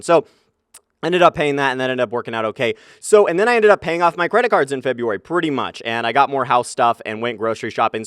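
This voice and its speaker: Young man, 19, gaming commentary vlogger, fast and energetic, swearing, clear voice, dead dry sound. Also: mid-range voice, no echo. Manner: energetic, swears a lot, keeps saying "man". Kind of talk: casual commentary over gameplay. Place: small bedroom in his apartment, under a comforter. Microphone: desk mic, comforter draped over it to cut echo.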